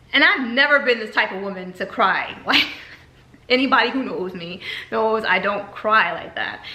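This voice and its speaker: A woman's voice: mid-range voice, sharp tone. A woman candidly telling a personal story in a vlog, emotional and repeating herself as she talks. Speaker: vlogger. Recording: echoey room.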